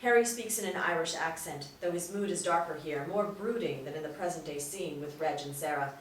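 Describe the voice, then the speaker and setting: A woman narrating a script reading, giving the stage directions in a crisp, matter-of-fact way. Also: deep voice, brisk. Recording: roomy, distant mic, faint noise.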